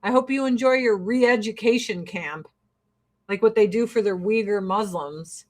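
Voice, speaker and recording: A woman's voice: mid-range voice, moderate pace, a little mellow. A woman host ranting bluntly and with lots of profanity in a casual, exasperated opinion monologue.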